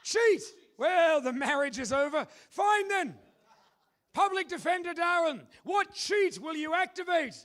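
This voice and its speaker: An Australian man hosting a live comedy game show on stage, loud and playful, bantering with the crowd. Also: very high voice, animated, unhurried. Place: live convention stage with audience.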